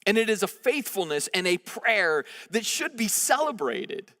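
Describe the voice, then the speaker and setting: Man, pastor, high voice, sermon, conversational and animated, long hall reverb. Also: a little slow. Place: church service, large room.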